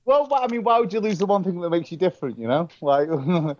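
A man's voice: high voice, quick pace, darkish tone, no room sound, dull audio. A man from northwest England with a Manchester accent, chatting casually as host, laughing often and restarting his sentences. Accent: Mancunian English. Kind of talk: casual chat.

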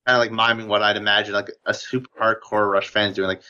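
A man's voice: on the low side, flat delivery, fast, sharp tone, clear, resonant tone. A man in casual podcast chat, rambling and enthusiastic, filling his talk with "like". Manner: rambling, heavy use of "like", enthusiastic fan tone. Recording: dull lo-fi audio.

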